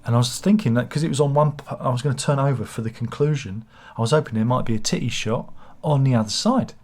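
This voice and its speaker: A man's voice: medium pitch, fast, a little mellow. A man, hosting a casual book review channel, rambling with sardonic, self-mocking humor. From England.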